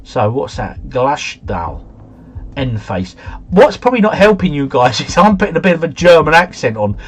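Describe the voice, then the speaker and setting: A man hosting a livestream, chatting excitedly and muttering to himself as he reads out clues during a game. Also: a little high, fast, breathy edge. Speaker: livestream host. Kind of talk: live game commentary, thinking aloud.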